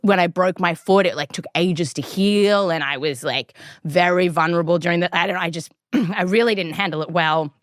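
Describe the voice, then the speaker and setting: An Australian podcast host with a lowish voice tells a story briskly, with few pauses and plenty of likes and ums in her chatty delivery. The sound is clean studio audio without room tone.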